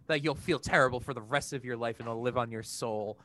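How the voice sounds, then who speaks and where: A man's voice: fairly high pitch, quick pace, hardly any pauses, sharp tone. A man playing a tabletop role-playing game who rambles and keeps asking questions. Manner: rambling, asks many questions. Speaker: player. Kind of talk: casual tabletop role-play chat.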